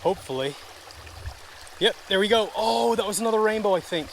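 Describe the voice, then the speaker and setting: A high-voiced man talks casually to his viewers while fishing a small creek, chatty and quick to grumble. He is recorded outdoors on a body-worn mic, with faint running water behind him. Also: animated, gravelly, slight background noise. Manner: chatty, easily frustrated, talks to viewers as folks and guys. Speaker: fishing vlogger. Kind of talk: casual outdoor vlog narration.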